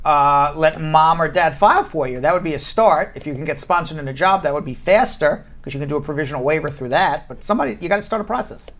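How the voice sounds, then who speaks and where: A man hosting a live web show as an immigration lawyer, answering viewer questions quickly and with dry jokes. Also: fairly high pitch, a bit bright.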